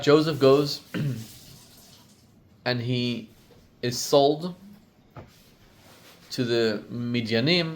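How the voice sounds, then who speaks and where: A man, a rabbi giving a storytelling sermon who acts out the quotes with lively rises in pitch and volume.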